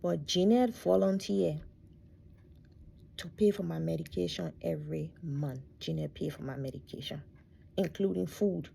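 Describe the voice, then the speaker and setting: A middle-aged woman telling her life story from her bedroom, speaking softly and reflectively, often close to a whisper and near tears. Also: sits low, normal speed, creaky, a little hiss or hum. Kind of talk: personal storytelling.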